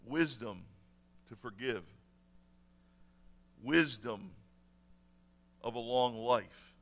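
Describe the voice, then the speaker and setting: A man's voice: medium pitch, drawn-out words, fairly bright tone. A man preaching a sermon in an earnest way, repeating key phrases for emphasis. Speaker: pastor.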